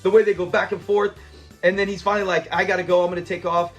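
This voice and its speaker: Quoting lines from a favorite sitcom episode and laughing as he goes, a high-voiced man who hosts a show review channel chats in a casual, animated way full of playful mimicry. He talks fast with faint music behind him.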